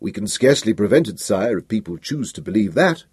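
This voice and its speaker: A man voicing a composed, deferential first minister in an audiobook, measured and polite. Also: fairly low pitch, big pitch swings, a little mellow, husky, no room sound, studio quality, heavily acted. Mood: calm. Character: calm, deferential adult male first minister. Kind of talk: audiobook character voice.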